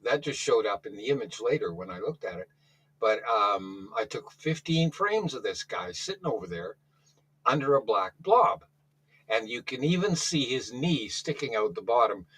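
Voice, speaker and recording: A man's voice: mid-range voice, animated, moderate pace, a bit bright, husky, low-quality recording. A man calling in to a talk show, telling a rambling story in a casual way, often restarting his sentences. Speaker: caller.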